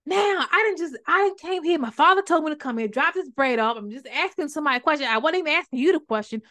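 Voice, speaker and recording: A woman voicing an indignant, exasperated young shepherd man, high and emphatic. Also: fairly even intonation, very fast, fairly bright tone, no room sound.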